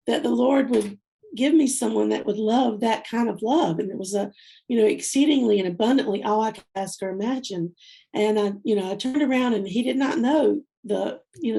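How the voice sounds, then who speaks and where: A woman in her fifties shares a personal love story as a guest, her voice edged with a gravelly fry. She speaks from the heart, often pausing on fillers, and is close to tears at times. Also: medium pitch, mellow. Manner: tearful, heartfelt, many fillers. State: teary.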